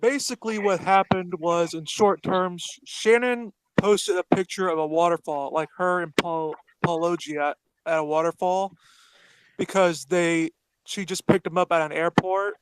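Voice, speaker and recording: A man's voice: high voice, fairly even intonation, normal speed, clear, resonant tone, rough recording. A man as a guest on a casual podcast, recounting events loosely with fillers like "you know".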